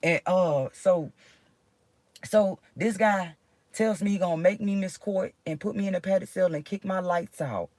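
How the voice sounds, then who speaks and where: A woman's voice: lowish voice, a little slow, a little mellow, no room sound. A woman venting emotionally to her viewers, agitated and profane, rambling with frequent restarts. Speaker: vlogger.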